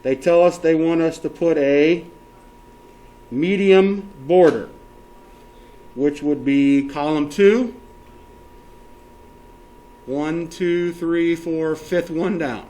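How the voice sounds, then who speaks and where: A male teacher giving a classroom software lesson step by step, often checking that everyone is following and counting options aloud. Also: on the high side, slow, pauses often.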